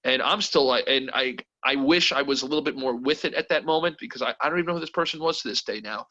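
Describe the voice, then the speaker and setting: Brief: bright-voiced man, candid and animated storyteller, lo-fi video call. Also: mid-range voice, quick pace. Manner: animated, emotional, quotes others with voices. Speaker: company president, guest.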